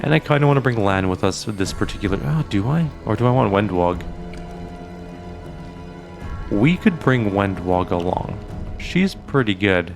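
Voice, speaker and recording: A low-voiced man narrates a role-playing game playthrough, reading the text aloud and chatting casually about his choices. Soft music plays faintly underneath. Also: expressive, brisk, gravelly. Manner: casual, thinking out loud. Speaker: gaming channel host. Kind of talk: let's play commentary and reading game text.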